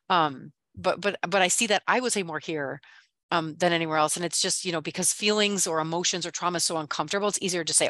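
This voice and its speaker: Fast, bright-voiced facilitator, animated, dry close sound. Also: mid-range voice, no room sound. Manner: animated, acts out quoted remarks. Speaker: session facilitator. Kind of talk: clinical teaching discussion. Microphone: video call.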